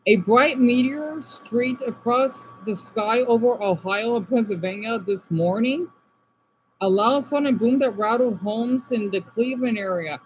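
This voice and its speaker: A man from Arizona streaming casually, reading chat comments aloud and reacting, moving between subdued talk and excited outbursts. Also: very high voice, measured pace, dull audio, a little hiss or hum.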